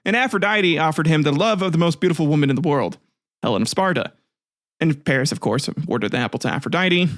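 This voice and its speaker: A man's voice: a little high, lively intonation, quick pace, fairly bright tone, no room sound, studio quality. A man hosting a casual history podcast, retelling myths with swearing, laughter and jokey asides, often restarting his sentences. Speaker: podcast host.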